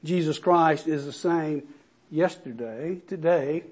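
A preacher with a high-pitched male voice delivers his sermon. He swings between soft, low passages and loud, climbing lines of scripture, leaning hard on key words. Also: slow. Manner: impassioned preaching, rising and falling emphasis.

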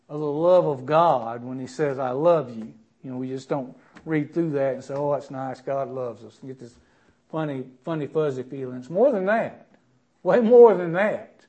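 A man preaching a sermon in an earnest, emphatic way, stressing key words loudly and then dropping quiet. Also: on the high side. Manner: earnest, emphatic, swings between loud stresses and quiet drops.

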